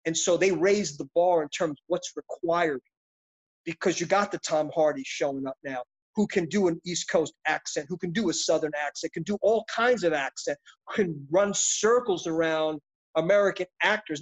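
A middle-aged man, an actor being interviewed, talking in an intense, passionate, reflective and rambling way. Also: on the high side. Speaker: actor guest. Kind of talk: interview conversation. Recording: dull lo-fi audio.

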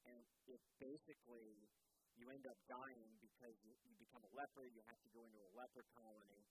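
A man preaching, retelling a Bible story in an animated, conversational way and asking his audience questions. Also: mid-range voice, fairly quick, noisy background. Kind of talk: storytelling sermon.

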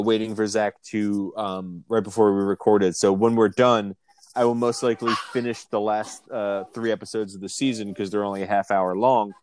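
A man's voice: fairly low pitch, clear, resonant tone. A man co-hosting a casual podcast, rambling with lots of restarts and fillers. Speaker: podcast co-host.

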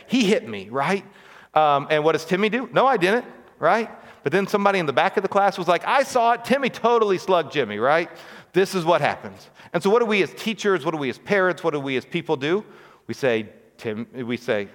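A man delivers a sermon in a relaxed, conversational way, often checking in with the congregation through quick rhetorical questions. He sits at a middle pitch. His voice rings out with the long reverb of a large church sanctuary. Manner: conversational, with frequent rhetorical questions and "right?" asides. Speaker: pastor.

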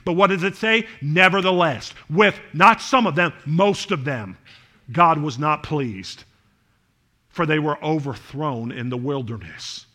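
A man preaching a sermon to a church congregation, asking them questions and swinging from loud, fervent passages to soft, quiet ones. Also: high-pitched, a little slow. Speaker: pastor.

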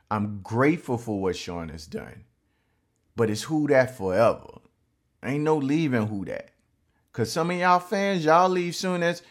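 A middle-aged man, ranting as a sports fan, emphatic and repeating his phrases. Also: medium pitch.

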